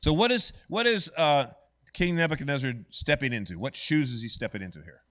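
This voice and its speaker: A man's voice: fairly high pitch, sing-song, a little fast, a bit bright. A man teaching an adult church Bible study class in a church classroom, conversational and often quizzing the class with "right?".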